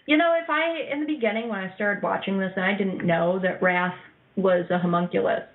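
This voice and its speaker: A woman of middling pitch co-hosts a casual anime chat, eager and quick to agree, filling in details. Her voice comes through thin and boxy, like a telephone call. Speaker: podcast co-host. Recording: tinny phone-like line.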